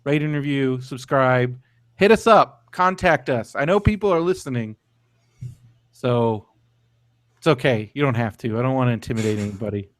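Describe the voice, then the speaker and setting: A man's voice: medium pitch, normal speed. A young man co-hosting a podcast in casual chat, loose and profane, full of fillers and restarts. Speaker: podcast co-host.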